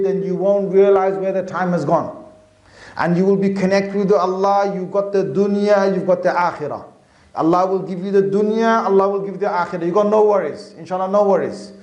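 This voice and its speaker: A British man giving an animated Islamic talk, stopping now and then to chant and recite. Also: sits high. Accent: British English. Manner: animated, demonstrative, chants and recites between points. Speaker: religious teacher. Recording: echoey hall.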